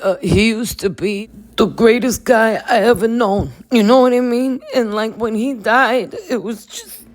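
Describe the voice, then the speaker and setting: A woman voicing a sincere young man who haltingly opens up about his late grandfather, with many fillers. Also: a little high, voice pushed up, natural voice. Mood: earnest. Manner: halting, earnest, full of fillers.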